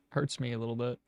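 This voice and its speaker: A man's voice: medium pitch, vocal fry, background noise. A man streaming a game live, chatting casually and self-deprecatingly, reading chat aloud as he plays. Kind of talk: casual live gameplay commentary.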